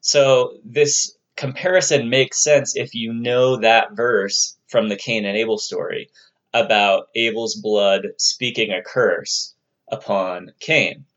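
A man's voice: on the low side, fairly even intonation, takes it slowly, a bit bright, lo-fi sound. A man giving an explanatory lecture on religious texts, in a conversational tone with the odd playful aside. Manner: conversational, occasionally puts on playful voices for quoted figures.

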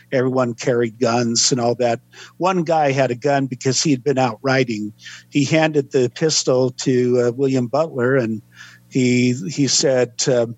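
A man, a historian guest on a podcast, recounting events in a measured, unhurried way with frequent pauses. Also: mid-range voice, no room sound. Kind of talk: podcast interview storytelling.

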